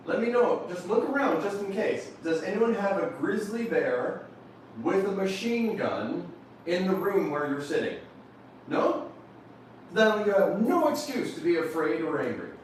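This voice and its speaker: A man leading a motivational workshop, lively and questioning his audience, often telling them to write points down. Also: high voice, a little slow, slight background noise. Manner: animated, questions the audience, repeats instructions. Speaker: seminar speaker. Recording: echoey room from far off.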